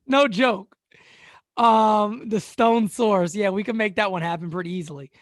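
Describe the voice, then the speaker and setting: A man with a high-pitched voice hosts a casual sports live-stream chat, unhurried as he jokes, laughs often and stammers over repeated words. The recording is dry, with clean studio sound.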